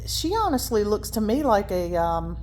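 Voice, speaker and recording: A woman's voice: medium pitch, sing-song, normal speed, a little mellow, a little hiss or hum. A woman chatting casually and enthusiastically through an unboxing and assembly of a Halloween prop, with frequent fillers.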